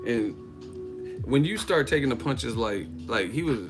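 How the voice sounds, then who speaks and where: A man's voice: medium pitch, lively intonation, measured pace. A man from Northern California hosting a boxing livestream, talking casually, joking and rambling with frequent laughs. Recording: music playing behind.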